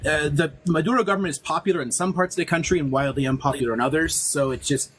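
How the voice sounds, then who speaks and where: A man chatting casually as a guest on a live stream, talking in rapid bursts with stumbling restarts. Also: a little high, fairly bright tone, a little hiss or hum, low-quality recording. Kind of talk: casual chat.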